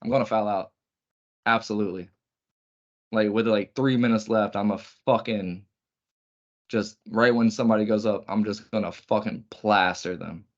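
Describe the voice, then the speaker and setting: A man's voice: fairly low pitch, fairly even intonation, moderate pace, pauses often, lo-fi sound. A man co-hosting a podcast, telling profane stories in casual chat. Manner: profane storytelling. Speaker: podcast co-host.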